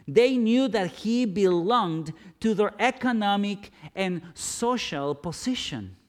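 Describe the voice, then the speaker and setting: A man preaching a sermon, dramatic, swinging from loud questions to hushed, low-spoken lines.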